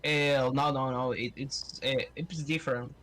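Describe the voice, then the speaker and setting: Halting man. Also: medium pitch, fairly even intonation, a bit bright. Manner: halting, searches for words. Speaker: guest on stream. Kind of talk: casual chat.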